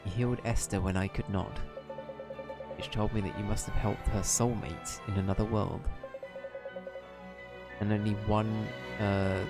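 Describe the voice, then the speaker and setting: A wise older sage who speaks formally and gravely, as a streamer reads him out. The voice sits low, with a clear game soundtrack running underneath. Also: male voice, level tone, unhurried, long pauses. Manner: reading aloud, formal. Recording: game music behind.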